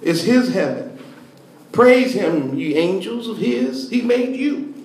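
A high-pitched older man delivers a sermon in a slow, rolling cadence. He draws out his words and rises into shouts. He sounds set back from the mic, and the church hall echoes around him. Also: lively intonation, slight background noise. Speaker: preacher.

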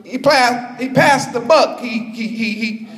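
A man's voice: very high-pitched, unhurried, fairly bright tone. A male preacher giving a sermon with call-and-response and dramatic retellings, in a church. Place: church fellowship hall. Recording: echoey church hall.

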